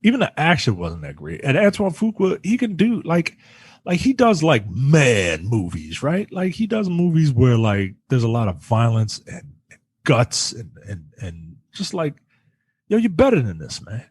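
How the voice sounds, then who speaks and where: A man's voice: mid-range voice, huge pitch swings, unhurried, a little mellow, slightly rough, no echo. A man reviewing a movie in a casual podcast chat, blunt and slangy, hammering his points home by repeating them.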